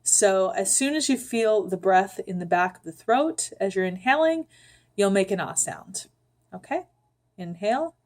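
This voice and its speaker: A woman giving a calm, unhurried voice lesson, guiding the listener step by step with frequent ums. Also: medium pitch. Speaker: voice teacher. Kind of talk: vocal instruction with sung demonstrations.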